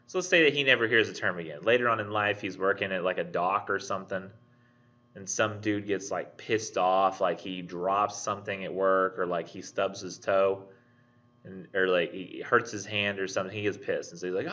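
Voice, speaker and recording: A college English instructor gives a recorded online lecture, rambling with many fillers and restarts. His low voice moves a little fast and sounds pushed and bright, with the highs cut off.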